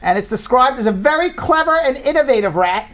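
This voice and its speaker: Animated lawyer hosting a show. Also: male voice, very high-pitched, a little fast. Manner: animated, swings between loud jokes and sober explaining. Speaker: immigration lawyer and show host. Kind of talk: casual live show chat.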